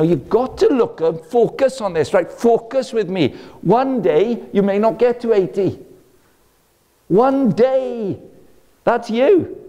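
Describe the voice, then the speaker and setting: A man giving an energetic, jokey sermon-style talk at an event. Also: extremely high pitch. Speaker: speaker.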